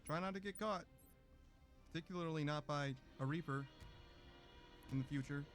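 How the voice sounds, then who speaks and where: Casting: joking let's-play streamer, rambling, slightly high voice, soft music behind. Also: male voice, normal speed. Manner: playful, joking, rambling asides. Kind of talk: gameplay commentary.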